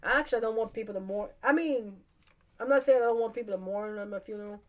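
A woman's voice: on the high side, quick pace. Chatty laughing woman with a twang. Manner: rambling, chatty, laughs often, casual slang. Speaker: podcast host. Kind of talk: casual solo chat.

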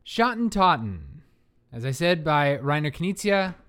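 A man's voice: fairly high pitch, very animated, measured pace, a bit bright, clear, resonant tone. A man co-hosting a board game podcast, chatting casually in a joking, rambling, self-mocking way. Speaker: podcast co-host. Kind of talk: casual chat about board games.

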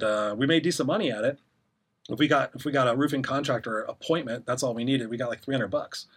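A man's voice: mid-range voice, fairly bright tone. A middle-aged man telling a rambling personal story as an interview guest, acting out the voices of people he quotes.

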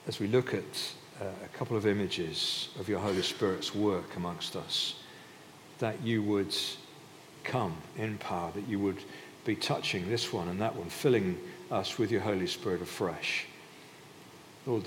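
A man preaching a sermon in a conversational way, often restarting his sentences. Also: deep voice. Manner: conversational, with frequent restarts and filler. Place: church hall. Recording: reverberant hall, faint background noise.

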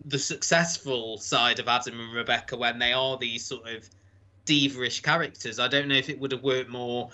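A man's voice: mid-range voice, fairly even intonation, normal speed, pushed and bright. A man hosting a podcast, chatting casually and rambling through reviews with frequent self-corrections. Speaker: podcast host.

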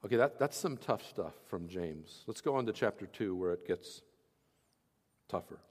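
A man's voice: sits low, lively intonation, normal speed, a little mellow, husky, big-room sound. A man preaching as pastor, reading scripture and explaining it with everyday examples in an earnest teaching tone. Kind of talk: sermon.

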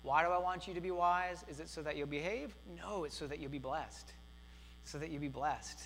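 High-voiced preacher in an echoey hall. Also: male voice, fairly quick, vocal fry. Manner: earnest, repetitive, swings from emphatic to hushed. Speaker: pastor. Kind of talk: sermon. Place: church sanctuary. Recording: hall reverb with faint mains hum.

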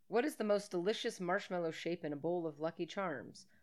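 A woman's voice: fairly low pitch, a little fast. A woman co-hosting a casual podcast, reading a quiz aloud in a playful way, swearing freely and laughing often. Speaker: podcast co-host.

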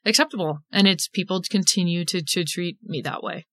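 A woman talking in an earnest, halting way, restarting her sentences as a guest on a casual podcast. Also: lowish voice, fairly bright tone, no room sound.

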